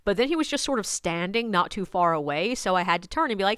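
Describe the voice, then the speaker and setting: A woman's voice: medium pitch, lively intonation, quick pace, fairly bright tone, clean tone, no room sound, studio quality. A woman, a ghost tour guide, telling a personal story in a casual, wry way and acting out her own replies. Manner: conversational, wry, quotes herself.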